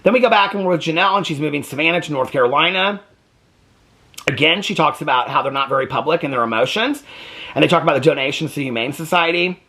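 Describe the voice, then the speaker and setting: Animated, opinionated male reaction host. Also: a little high. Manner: animated, blunt and opinionated, swears. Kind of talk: casual reaction commentary.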